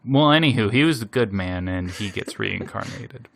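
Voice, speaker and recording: Man, podcast host, casual recap, animated, laughs a lot, bright, dry close mic. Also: on the low side, moderate pace, gravelly, dry recording. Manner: animated, laughs often, many fillers. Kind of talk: casual chat recapping an anime episode.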